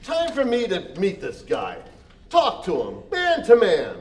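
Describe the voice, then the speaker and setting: A man playing a deadpan oblivious airline pilot. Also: high voice, unhurried, full character voice. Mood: earnest. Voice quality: deadpan, dry delivery. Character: dry, oblivious male airline pilot lover. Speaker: stage actor. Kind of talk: live stage comedy. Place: theater stage. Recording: echoey theater stage from far off, faint noise.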